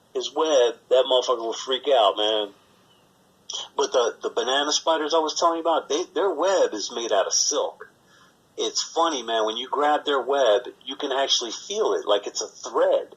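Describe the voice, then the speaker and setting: A man with a mid-pitched, husky voice who rambles through profane stories on a podcast. He slips into little voices for the characters and laughs along the way. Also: poor audio. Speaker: podcast co-host. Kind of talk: casual storytelling chat.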